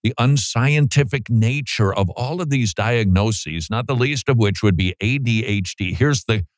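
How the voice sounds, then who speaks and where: A man's voice: lowish voice, unhurried, no room sound. A man hosting a radio talk show, commenting on played clips with sarcastic, joking asides. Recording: dry studio sound.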